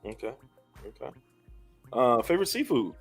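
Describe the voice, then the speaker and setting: A man's voice: mid-range voice, very animated, moderate pace, breathy edge, faint music behind. Easygoing male podcast host. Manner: easygoing, short agreeing replies, laughs along. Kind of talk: casual interview chat.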